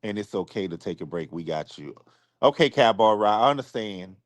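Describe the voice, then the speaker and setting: Emotional man halting through a live-stream apology. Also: fairly low pitch, lively intonation, no echo. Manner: halting, repeats himself, restarts often. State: emotional, close to tears.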